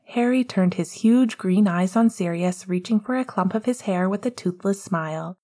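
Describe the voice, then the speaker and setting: A woman narrating a fan fiction story aloud in a soft, gentle manner. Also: mid-range voice, normal speed, few pauses, husky. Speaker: reader.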